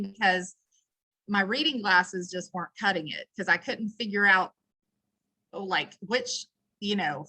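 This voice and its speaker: A woman's voice: mid-range voice, pushed and bright, rough recording. A middle-aged woman chatting enthusiastically on a live video call, rambling through a product testimony for her team. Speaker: team leader presenting a product.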